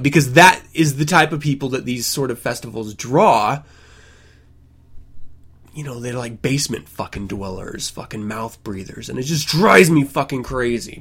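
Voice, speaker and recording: A man hosting a solo podcast in a loose, casual ramble that keeps tipping into a profane rant. He curses freely and climbs into loud, exasperated outbursts, then drops back to an easy, offhand tone. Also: medium pitch, moderate pace, husky. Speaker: podcast host.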